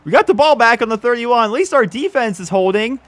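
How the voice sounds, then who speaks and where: A man's voice: very high voice, expressive, fairly quick, fairly bright tone, dry recording, soft background music. A young man giving casual commentary over a football video game, flustered and exasperated, often laughing in disbelief. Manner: flustered, exasperated, laughing at his own bad luck. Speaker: gaming YouTuber.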